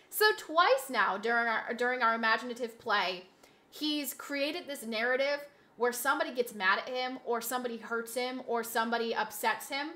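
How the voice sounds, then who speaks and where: Streaming from home, a woman talks casually to her audience in a high, lifted voice that sounds bright and forward through her desk mic. Her storytelling wanders, full of restarts and repeated phrases.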